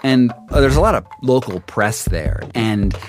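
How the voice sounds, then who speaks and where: A man recounts his own experience, stumbling over restarts and growing animated as he goes. His pitch sits in the ordinary middle range. A music bed runs beneath his voice. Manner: halting, many restarts, animated retelling. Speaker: journalist, storyteller. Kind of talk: first-person storytelling interview. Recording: music underneath.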